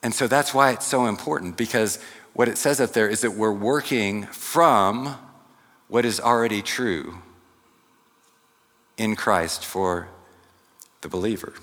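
A man preaching a sermon in a church hall, speaking slowly and deliberately and turning to the congregation with asides. His voice sits a little low but carries a bright, forceful edge. A long reverb trails each phrase. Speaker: pastor.

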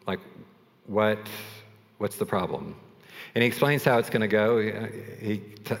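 Man, pastor, low voice, conversational sermon, storytelling, long hall reverb. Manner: conversational, storytelling, self-deprecating asides.

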